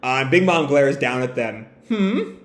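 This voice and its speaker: A man's voice: medium pitch, moderate pace, echoey room. A man casually reading comics aloud, musing and adding commentary with many fillers. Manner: musing, lots of fillers and asides. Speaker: manga reader.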